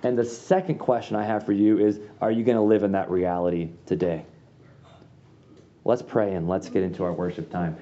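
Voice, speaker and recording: A man preaching a sermon to a youth gathering in a church room, casual and slangy with quick asides. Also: sits low, fairly even intonation, dark tone, muffled recording. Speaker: youth pastor.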